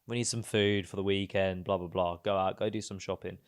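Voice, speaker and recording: A man co-hosting a casual chat podcast, telling a story with lots of laughter and sudden quiet mutters. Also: a little fast. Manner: animated storyteller, laughs often, drops to low mutters. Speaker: podcast co-host.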